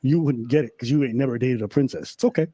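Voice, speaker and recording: A man's voice: mid-range voice, fast, over a noisy crowd. A man joining a live stream as a guest, joking in a mock-serious, sarcastic way.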